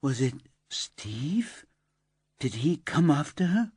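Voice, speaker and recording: A man voicing an anxious, eager-to-please young office worker with a high, light, slightly camp voice in an audiobook. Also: very animated, slow, darkish tone, breathy edge, no room sound, studio quality, exaggerated voice. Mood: distraught.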